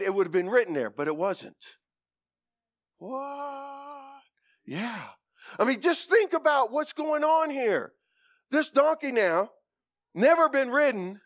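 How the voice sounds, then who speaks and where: Animated, high-voiced folksy preacher man. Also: normal speed, no room sound, studio quality. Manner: animated, folksy, with whoops and asides. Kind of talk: sermon.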